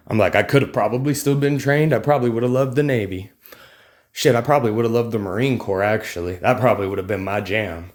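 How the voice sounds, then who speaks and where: A man's voice: on the low side, a little fast. A man ranting in a political vlog, combative and mocking, loose and rambling with some swearing. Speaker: vlogger.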